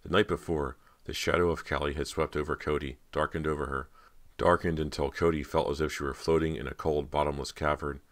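A man reading a horror audiobook in a steady, dramatic way. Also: rumbling low, brisk. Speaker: audiobook narrator. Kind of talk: scripted narration of a horror novel.

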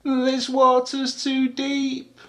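A man voicing an excitable little girl baby elephant in a storybook reading, with a high, squeaky, childlike voice. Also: a little slow. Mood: frightened.

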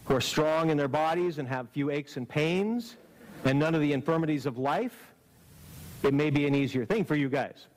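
A man's voice: fairly high pitch, normal speed, rough recording. A man preaching a camp-meeting sermon in an earnest, exhorting way, often putting rhetorical questions to his listeners.

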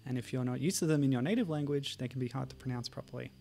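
A man's voice: medium pitch, rapid-fire, vocal fry, dark tone, faint music behind. A man streaming and chatting casually about games, hesitant and full of ums. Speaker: game streamer.

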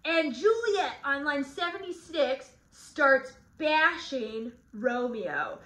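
A woman's voice: high voice, big pitch swings, slow, bright, forceful tone. A woman teacher leading a casual guided reading lesson, chatty with sardonic asides. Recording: roomy echo.

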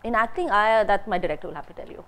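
A woman actress answering questions in a casual interview, playful and quick to laugh. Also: medium pitch, a bit bright.

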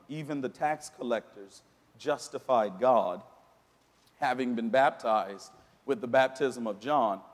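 A man preaching a sermon, climbing dramatically toward near shouts at his points of emphasis. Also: medium pitch, big-room sound. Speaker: pastor. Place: church sanctuary.

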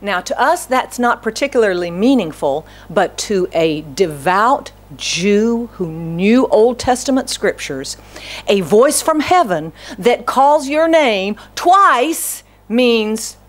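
A woman's voice: mid-range voice, very animated, takes it slowly. A woman pastor preaching an earnest, conversational sermon, often asking the congregation questions.

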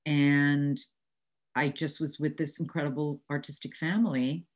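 Low-pitched American woman, 60s, New Yorker; lively storyteller who laughs as she talks. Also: a little slow. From New York City. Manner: animated anecdotes, frequent laughter. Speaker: actress, interview guest. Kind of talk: casual storytelling interview.

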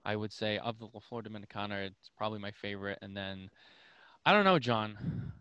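A man hosting a podcast in casual chat, animated and rambling with many restarts. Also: on the low side, fairly quick, clean tone, dry recording, muffled recording. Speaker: podcast host.

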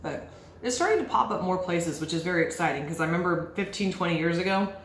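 A woman with a fairly low, expressive voice talks quickly and excitedly as she samples treats for a casual vlog. She's a vlogger recording indoors at a bakery, where the room echoes with faint ambience and a little hiss or hum.

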